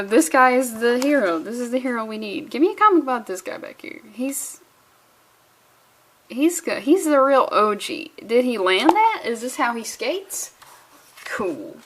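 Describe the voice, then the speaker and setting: A woman's voice: fairly high pitch, fairly bright tone, slight background noise. A young adult woman reviewing a comic in a sarcastic, profane, exasperated rant. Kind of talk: sarcastic ranting commentary.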